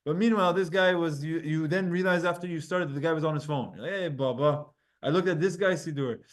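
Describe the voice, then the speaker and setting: A man with a fairly high voice teaches a religious text class. He reads passages aloud in Hebrew and Aramaic and then explains them in plain, casual English. He often turns to speak straight to his students. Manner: explains texts, reading Hebrew and Aramaic aloud and translating with quick asides; speaks directly to students by name. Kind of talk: Talmud class lesson.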